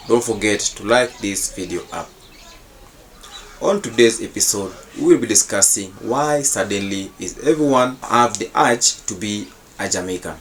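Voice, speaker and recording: A man's voice: fairly low pitch, a little hiss or hum. A man hosting his channel, giving casual reaction commentary in formal, repetitive phrasing. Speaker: channel host.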